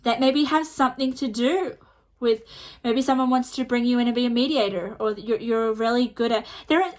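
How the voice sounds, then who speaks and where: A woman giving a pick-a-card tarot reading to camera, speaking in a chatty, reassuring way with many fillers. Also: sits high. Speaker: tarot reader.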